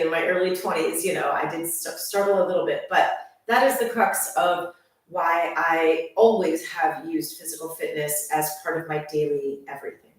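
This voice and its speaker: Chatty woman, far off in echoey room. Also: on the low side. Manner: chatty, enthusiastic, speaks straight to viewers. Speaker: fitness instructor. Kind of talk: casual channel introduction.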